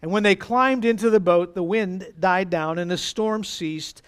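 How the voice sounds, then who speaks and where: Man, pastor, high voice, sermon, dramatic pauses, acts out quotes. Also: smooth.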